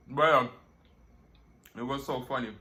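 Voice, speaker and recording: A man's voice: medium pitch, steady tone, takes it slowly, sharp tone. A young man with a Jamaican accent, chatting casually and telling stories while eating, laughing often and slipping into Patois. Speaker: food vlogger. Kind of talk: casual storytelling mukbang chat.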